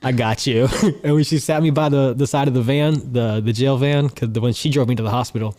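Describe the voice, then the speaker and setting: A man's voice: medium pitch, a little fast. Young man, swearing storyteller. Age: young adult. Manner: animated, laughs through his stories, swears constantly. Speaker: guest comedian. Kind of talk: casual profane storytelling.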